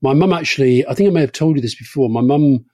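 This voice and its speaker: A man with a mellow, slightly husky voice chats easily as a podcast co-host. He reads out listener questions and answers in a plain, conversational way. The recording is close and dry. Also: medium pitch, no echo. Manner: reads listener questions, brisk with frequent murmured agreement. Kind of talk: casual conversational chat.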